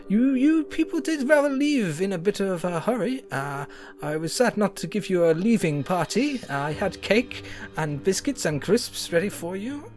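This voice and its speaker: A fussy, gushing chancellor with a put-on French accent, as a woman puts her on, her voice swooping lively up and down. Courteous and halting, full of ums. It sounds like a lo-fi call with music playing clearly behind. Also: on the low side, natural voice. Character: polite, fussy female chancellor of a fantasy nation.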